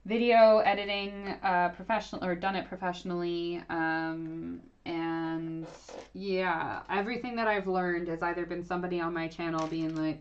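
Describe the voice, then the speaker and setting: A woman's voice: lowish voice, fairly even intonation, normal speed. A woman in her thirties hosting a casual livestream Q&A, rambling and chatty with lots of fillers and self-corrections. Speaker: archaeologist YouTuber hosting a livestream. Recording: dull lo-fi sound.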